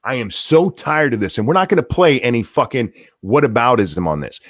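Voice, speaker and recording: A man tearing into a furious, profane rant, his pitch swinging wide from low growls to sharp peaks. The sound is close and dry, with no room around it. He mocks and jeers as he goes. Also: very animated, brisk, no room sound. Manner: profane, heated, mocking outbursts. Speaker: host. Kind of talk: angry political rant.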